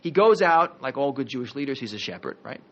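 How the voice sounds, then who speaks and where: A man teaching a history class as a rabbi, telling the story in a lively, conversational way with jokey asides. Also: mid-range voice, quick pace, dull audio.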